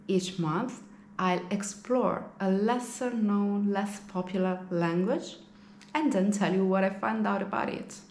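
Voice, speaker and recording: Slow-speaking woman explaining languages. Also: lowish voice, vocal fry, a little mellow, a little hiss or hum. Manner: friendly, explanatory, rhetorical questions. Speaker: language video host. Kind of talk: educational talk to camera. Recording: echoey room with faint ambience.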